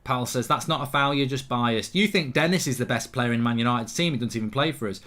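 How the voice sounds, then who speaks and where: A man hosting a live football watchalong, bluntly reacting to the match and reading viewer comments aloud, his voice jumping up when play excites him. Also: medium pitch, fast talker. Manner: blunt, swears casually, rants at the referee. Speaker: host.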